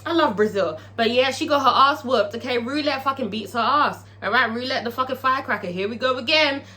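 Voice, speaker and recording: Profane, bright-voiced woman reviewer. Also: high voice, a little fast. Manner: profane, animated, laughing often. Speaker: TV episode reviewer. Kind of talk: casual recap vlog.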